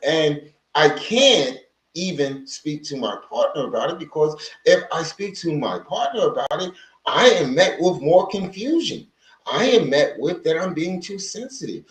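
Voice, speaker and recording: Speaking at a measured pace in a slightly high voice, this animated livestreamer talks casually about healing from narcissistic abuse from an echoey room through his livestream mic. His talk wanders, with many restarts, and he says hello to people in the chat.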